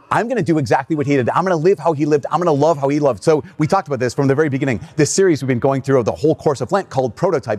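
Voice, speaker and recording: A priest reading the gospel aloud and then preaching a casual, conversational homily. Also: male voice, fairly high pitch, a little mellow. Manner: reads scripture slowly, then talks casually with fillers and laughs. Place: church.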